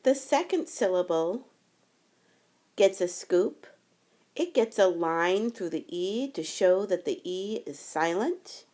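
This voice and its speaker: A woman teaching a phonics tutorial, explaining step by step in a careful, deliberate way. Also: lowish voice, a little mellow.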